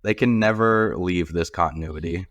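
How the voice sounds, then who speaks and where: Very deep-voiced man, wry chat. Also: normal speed, a bit bright, no echo. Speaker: podcast host. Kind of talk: casual chat.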